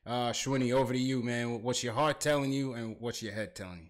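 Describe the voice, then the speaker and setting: A man hosts a loose sports podcast, his voice sitting at an ordinary middle pitch. He laughs easily and peppers his talk with "man" and "oh my God.". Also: fairly even intonation, brisk. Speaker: podcast host. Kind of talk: casual sports chat.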